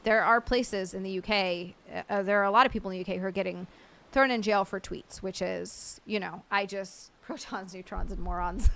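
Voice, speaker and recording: A woman's voice: mid-range voice, sharp tone. An American woman livestreaming, chatting casually and rambling, reading out viewer messages and swearing now and then. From United States. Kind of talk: casual live-stream chat.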